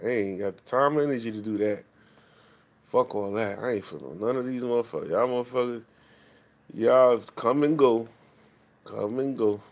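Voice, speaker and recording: A man's voice: mid-range voice, normal speed, long pauses. A man ranting profanely to his chat on a late-night livestream. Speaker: live streamer. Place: home, at night.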